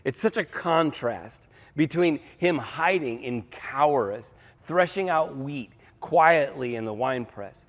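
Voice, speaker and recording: A man's voice: mid-range voice, lively intonation, measured pace, hardly any pauses. A male pastor preaching a sermon in a conversational, emphatic style, repeating key phrases for effect.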